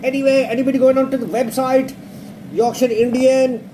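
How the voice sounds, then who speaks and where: A man's voice: very high voice, fairly even intonation, moderate pace, noisy background. Crude, swearing man demonstrating a recipe. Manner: blunt, crude, constant swearing, playful jokes; repeats words for emphasis. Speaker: home cook showing a recipe. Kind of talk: casual cooking demonstration.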